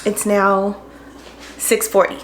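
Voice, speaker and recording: A woman's voice: mid-range voice, completely flat delivery, takes it slowly, a little hiss or hum. A young woman talking casually to her vlog camera at home in her kitchen, tired and out of breath, laughing often as she chats. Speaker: vlogger. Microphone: camera on tripod. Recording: roomy kitchen echo.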